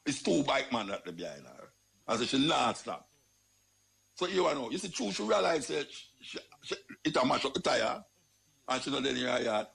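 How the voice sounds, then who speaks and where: Gravelly Jamaican man, animated monologue. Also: mid-range voice. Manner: animated, exclaiming, repeating phrases. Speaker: radio talk host. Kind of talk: casual monologue.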